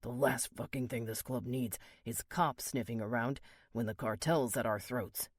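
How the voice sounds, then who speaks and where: A man's voice: mid-range voice, steady tone, normal speed, no echo, studio quality, close to an everyday voice. A man voicing a raging older male biker club boss who roars threats and swears, in an audiobook. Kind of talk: audiobook character reading.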